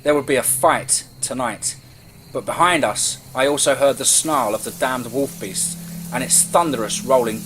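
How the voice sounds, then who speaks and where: A man telling a first-person horror story in a tense, vivid way that rises with the chase. His voice sits at a middle pitch. Faint cricket chirps and night ambience linger behind him. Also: fairly bright tone, slight background noise.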